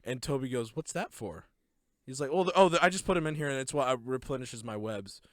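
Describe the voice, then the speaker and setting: A man's voice: mid-range voice, animated, a little fast, fairly bright tone, no echo, studio quality. A young man co-hosting a podcast, eagerly retelling movie scenes and laughing as he goes. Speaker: podcast co-host. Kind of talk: casual movie review chat.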